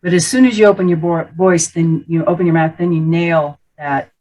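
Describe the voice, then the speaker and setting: A middle-aged woman voice coach teaching about the speaking voice, animated and playful, often demonstrating how others talk. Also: fairly low pitch, moderate pace, poor audio.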